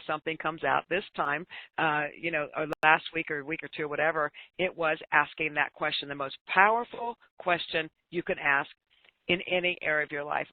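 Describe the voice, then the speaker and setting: A woman's voice: low-pitched, no room sound. An older woman, a business coach and author, telling stories earnestly as a talk show guest and laughing often. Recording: tinny phone line.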